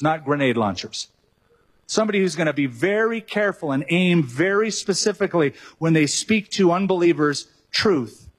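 Husky, animated male preacher. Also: on the high side. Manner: animated preacher, joking asides and acted-out quotes. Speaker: pastor. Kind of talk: sermon.

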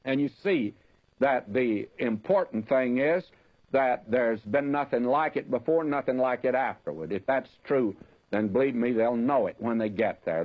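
A man preaching a sermon in a folksy, direct way, slowing down to stress the scripture he reads. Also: mid-range voice, slightly rough. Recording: dull lo-fi tape recording.

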